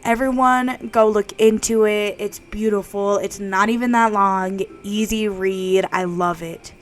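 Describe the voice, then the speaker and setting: Giggly young woman chatting slowly. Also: mid-range voice, steady tone. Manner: chatty, giggly, filler-heavy. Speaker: vlogger reading aloud. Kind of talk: casual reading vlog.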